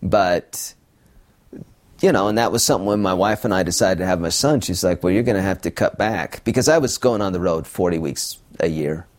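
A middle-aged man from Utah, a stand-up comedian, telling wry bits with punchlines, then chatting in an interview. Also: normal speed. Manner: animated, wry, pitch swooping up on punchlines.

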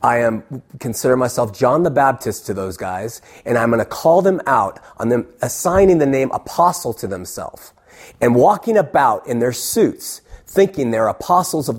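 A middle-aged man who hosts a call-in show speaks bluntly and emphatically as a guest in a casual interview. His medium-pitched voice is darkish with a breathy edge.

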